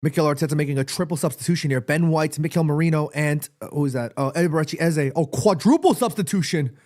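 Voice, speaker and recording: A man commentating live on a football match for his stream, reacting excitedly and shouting at players. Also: a little high, no echo, studio quality. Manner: repeats himself, quick restarts. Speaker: watchalong streamer.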